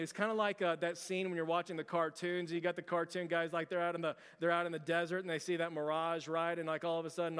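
A man's high, smooth voice carries through a church sanctuary with a long reverb tail. He preaches in a casual, animated storytelling way, full of quick asides. The delivery sounds conversational. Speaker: pastor. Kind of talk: sermon.

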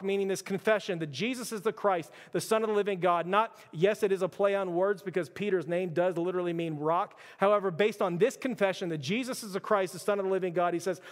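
A man's voice: sits high, fast talker, few pauses. A male pastor preaching a passionate sermon, repeating himself for emphasis, with frequent "like" and addressing the congregation as church. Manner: passionate, repetitive, keeps addressing "church" and saying "like". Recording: long reverb of a large hall.

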